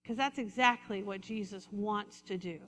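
A woman pastor preaching a sermon, leading the congregation in call-and-response and slowing down for emphasis. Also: medium pitch. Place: church sanctuary. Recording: reverberant hall.

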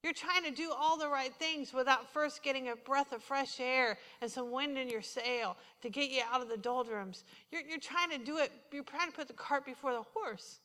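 A woman delivers a sermon with a high, bright voice, slipping into the voices of people from her stories. Her words ring out with a long church-hall reverb behind them. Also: normal speed, few pauses. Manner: animated storytelling, quoting herself and others. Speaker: preacher. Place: church sanctuary.

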